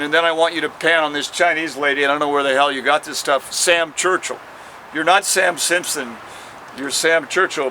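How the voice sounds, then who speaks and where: An older man, a street poet outdoors at a city train station, rambling and swearing in an impassioned rant and reciting verse slowly and dramatically. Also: on the high side, sharp tone, a little hiss or hum. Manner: profane, rambling, impassioned ranting.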